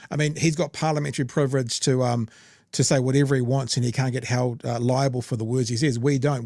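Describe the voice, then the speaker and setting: Dry-sounding New host, emphatic. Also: male voice, medium pitch, darkish tone, dry recording. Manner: conversational, emphatic. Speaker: podcast host. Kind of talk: casual chat.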